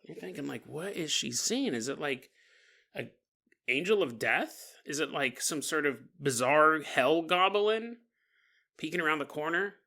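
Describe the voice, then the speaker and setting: A man's voice: a little high, animated, unhurried, bright, forceful tone. A man hosting a podcast, telling a paranormal story casually with joking asides. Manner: joking asides, chuckling between lines. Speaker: podcast host.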